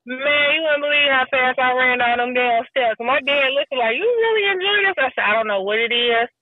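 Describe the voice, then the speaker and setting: A woman chatting casually and telling animated stories, acting out the people she quotes and swearing freely. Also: sits high, brisk. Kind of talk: casual chat. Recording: tinny phone-like sound, dry.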